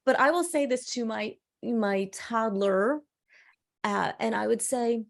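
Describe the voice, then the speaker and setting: On a casual podcast, a middle-aged woman guest spins lively stories and acts out the lines she quotes. Her voice is fairly high and creaky, and she takes it slowly.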